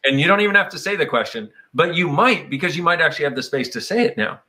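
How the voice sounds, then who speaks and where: A man's voice: a little high, lively intonation, fast talker, bright, forceful tone. A man talking casually and reflectively, meandering through his points. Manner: meandering, reflective, slips into playful quoted voices. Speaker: speaker on personal growth. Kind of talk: casual conversational talk.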